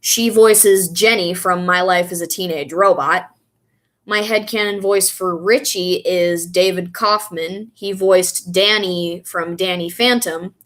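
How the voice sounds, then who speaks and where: Young woman, casual vlog chat, rambling, slow talker, slightly low voice. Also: steady tone, fairly bright tone. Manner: rambling, pauses to recall names. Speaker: vlogger. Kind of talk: casual chat reading and answering comments.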